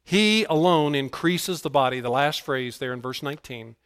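Male pastor, sermon delivery, slightly high voice, emphatic build-ups. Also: moderate pace, smooth. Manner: emphatic preaching, swings between hushed asides and raised, higher-pitched declarations.

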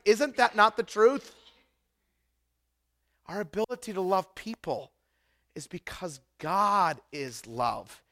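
Pastor, man, high voice, fiery sermon easing into quiet confiding. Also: animated, slow, pauses often. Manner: impassioned preaching that drops to soft and intimate.

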